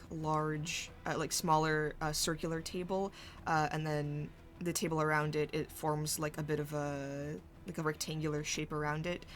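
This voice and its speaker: A woman narrating a tabletop role-playing game as game master, halting and searching for her words as she describes scenes. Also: sits low.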